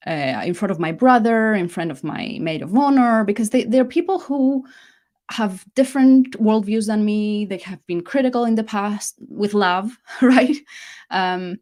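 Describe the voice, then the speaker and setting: A middle-aged woman gives a live masterclass in a casual, chatty way. She often restarts her sentences and leans on key words for emphasis. Her pitch sits in an ordinary middle range for a woman. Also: a little slow. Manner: chatty, self-correcting, lively emphasis. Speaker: leadership coach hosting a live masterclass.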